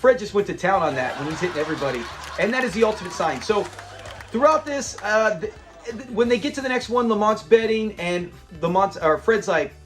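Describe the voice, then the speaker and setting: Casual male reviewer, high-pitched, animated recap delivery with frequent laughs. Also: a little fast, soft background music. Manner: animated retelling, laughs often, mimics lines. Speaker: show reviewer.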